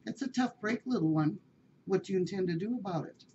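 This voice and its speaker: Woman reading as very old female cat, storybook, dignified, slow and proper, dark mellow tone. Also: mid-range voice, lively intonation, lo-fi sound, slight background noise, natural voice. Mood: gentle.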